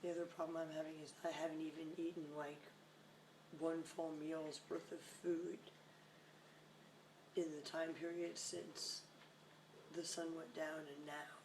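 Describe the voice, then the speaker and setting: A woman rambles through a casual home vlog in an even, flat tone, breathless and a bit self-mocking. She sits back from the mic in a roomy, echoing space. Loud noise hangs under her voice. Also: deep voice, measured pace, long pauses, distant mic. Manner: chatty, rambling and self-deprecating. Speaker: vlogger. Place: house at night.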